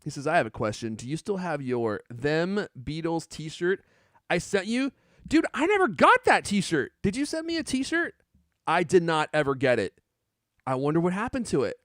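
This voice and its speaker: Lebhafter, lachender Mann, trocken. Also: male voice, fairly high pitch, sing-song, normal speed, fairly bright tone, no room sound, studio quality. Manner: chatty, laughs often, reads viewer comments aloud. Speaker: podcast co-host. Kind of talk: casual live-stream chat. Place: home studio on a live camera stream.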